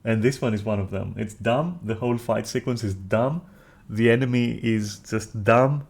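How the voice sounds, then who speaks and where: A man streaming a casual review, ranting loudly with heavy swearing, then dropping into quieter apologetic talk. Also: fairly low pitch, normal speed, vocal fry, husky. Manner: loud, profane, exasperated ranting that drops into quieter, apologetic talk.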